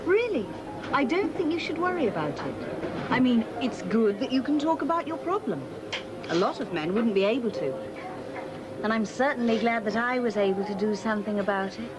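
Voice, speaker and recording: An actress in a comedy sketch playing a woman gently reassuring her partner. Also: on the high side, very animated, a little fast, noisy background.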